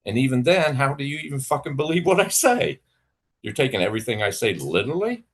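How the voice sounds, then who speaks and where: On his livestream, a father lays into a rival with a heated, profane, sarcastic rant full of mockery. He sounds mid-range and sing-song, talking fast with a breathy edge.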